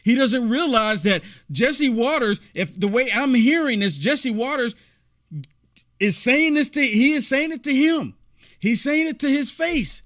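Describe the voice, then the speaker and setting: A man's voice: high voice, a bit bright. A man hosting a political commentary show, reacting to clips in a rambling, repetitive, indignant rant.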